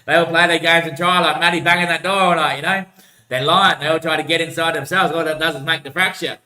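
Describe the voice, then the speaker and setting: Sharp-voiced rambling man in an echoey room. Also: fairly high pitch, fairly quick. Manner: rambling, slangy, swears often, calls everyone mate. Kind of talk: casual rambling livestream chat.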